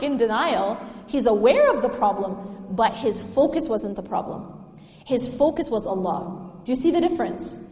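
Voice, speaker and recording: Woman religious lecturer, bright high register, engaging and questioning, recorded in a reverberant hall. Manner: engaging, asks the audience questions. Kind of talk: religious lecture to a live audience.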